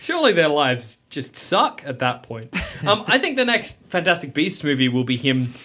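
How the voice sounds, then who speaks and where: A young man co-hosting a podcast late at night, animated and tired, laughing often and swearing. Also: on the high side, moderate pace. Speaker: podcast co-host. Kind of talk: casual late-night chat.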